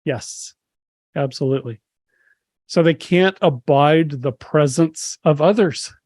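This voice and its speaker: A man hosting a book club discussion, who talks earnestly and reads passages aloud in measured tones. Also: a little high, a little mellow, dry recording, studio quality. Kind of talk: casual discussion and reading aloud.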